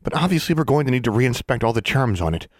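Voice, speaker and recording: A man's voice: medium pitch, very animated, fast, no echo, clean studio sound, voice pushed up. A man voicing a kindly, reassuring middle-aged female teacher. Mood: soothing. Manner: soothing and reassuring.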